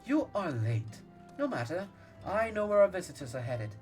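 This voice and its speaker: A man's voice: sits high, big pitch swings, moderate pace, darkish tone, soft background music, pitched above the performer's own voice. A man voicing a haughty, self-assured young male scholar, reading game dialogue aloud in a formal, clipped way. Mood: smug.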